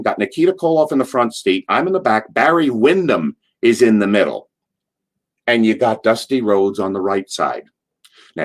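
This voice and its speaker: An older man with a lower-than-usual voice, recounting backstage stories as an interview guest. He tumbles through them with restarts and repeated words, building each tale with energy. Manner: animated retelling with frequent restarts and repeated words. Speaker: interview guest, former wrestler. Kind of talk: anecdotal storytelling.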